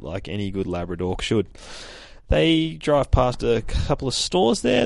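A man hosting a podcast, casually recapping a comic book in an animated, profane way and laughing at himself. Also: medium pitch, vocal fry, no room sound. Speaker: podcast host.

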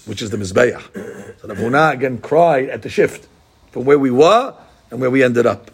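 A man teaching a Talmud class in an animated, repetitive way, dropping Hebrew and Aramaic terms into his speech. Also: mid-range voice, normal speed, slightly rough. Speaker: Torah teacher.

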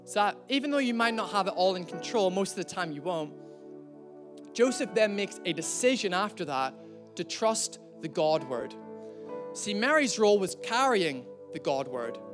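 A man preaching a sermon in a conversational, storytelling way, slowing down to stress key lines. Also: high-pitched, very animated, music in the background.

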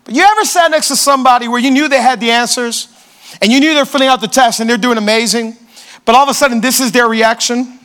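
A young male pastor in his twenties, preaching with energetic storytelling and repeated questions to the crowd. His voice sits very high for a man and rings bright and forceful. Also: fast talker. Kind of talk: sermon.

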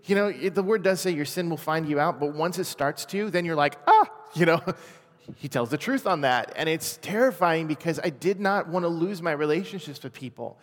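A man in his forties from Washington state, sharing a personal testimony in an earnest, quiet, emotional way. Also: a little high, brisk. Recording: long hall reverb.

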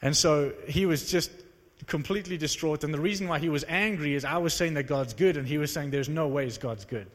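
A preacher man telling stories from the pulpit with a slightly high voice. He acts out the dialogue with animated energy, and his voice rings with the long reverb of a big hall. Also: fairly quick, hardly any pauses. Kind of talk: sermon with storytelling.

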